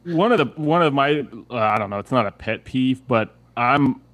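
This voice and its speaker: A man's voice: mid-range voice, lively intonation, normal speed, a bit bright. A man discussing a movie in casual chat, rambling with frequent fillers and restarts. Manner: rambling, hesitant, many fillers.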